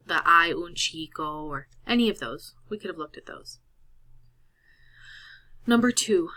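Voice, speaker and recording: A woman's voice: lowish voice, bright, forceful tone. A woman teacher patiently walking students through each step of a recorded screen-share lesson.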